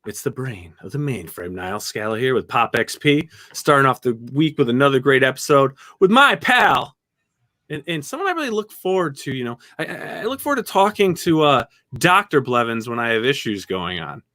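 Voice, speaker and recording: A man's voice: mid-range voice, very animated, normal speed, sharp tone, no echo, studio quality. A male host of an online show, chatting casually with jokey, playful banter. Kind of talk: casual livestream chat.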